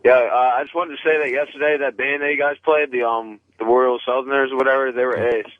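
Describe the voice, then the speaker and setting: A man's voice: medium pitch, steady tone, quick pace, dry recording. A man calling in to a radio show with a sarcastic remark. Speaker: caller. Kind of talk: call-in radio chat. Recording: tinny phone line.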